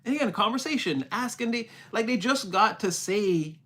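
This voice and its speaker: Young guy with a slightly high voice, streaming a loose, rambling spiritual reading. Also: animated, normal speed, pushed and bright. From Canada. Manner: rambling, repeats himself, exclaims "wow". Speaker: livestream spiritual reader. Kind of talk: casual livestream reading and chat.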